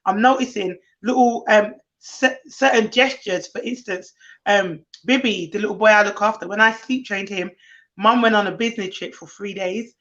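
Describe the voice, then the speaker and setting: A woman's voice: medium pitch, normal speed. A woman nanny, telling stories in casual chat and acting out children's voices. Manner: animated storytelling, acts out children's voices. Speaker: nanny, co-host. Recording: muffled lo-fi stream audio.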